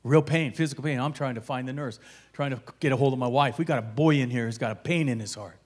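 A middle-aged man telling a personal story, acting out the dialogue and swinging from hushed asides to shouted lines. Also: medium pitch, quick pace, slightly rough. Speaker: guest telling his story. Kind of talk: animated storytelling.

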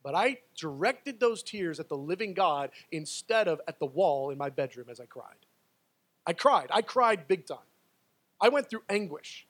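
Emphatic high-voiced male preacher. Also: lively intonation, moderate pace, breathy edge. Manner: emphatic, swings between loud pleading and quiet asides. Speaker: pastor. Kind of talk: sermon.

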